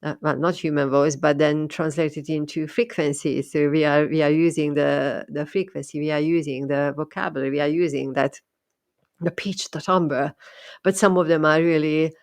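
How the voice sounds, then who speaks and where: Woman, low voice, dry close sound, reflective medium talk. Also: steady tone, normal speed, no echo. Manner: thoughtful, repeats and restarts words. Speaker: medium sharing experiences. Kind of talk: casual monologue.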